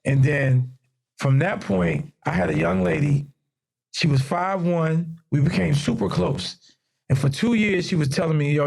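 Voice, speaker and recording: A fashion designer appears as a podcast guest, a man with a Mid-Atlantic American (DMV) accent and a fairly high, gravelly, husky voice. He tells stories casually and with lots of animation, acting out the voices of the people he quotes.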